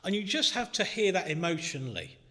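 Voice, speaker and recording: A man preaching a sermon in a church, earnest and conversational, ranging from hushed moments to shouting. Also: sits high, very animated, fairly quick. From Britain. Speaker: minister. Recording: long church reverb.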